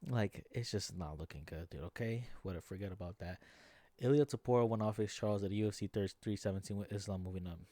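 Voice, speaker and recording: A man's voice: on the low side, fast, mellow, no room sound. A young man ranting in casual reaction commentary about fights, slangy and frustrated, saying "bro" a lot. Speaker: MMA vlogger.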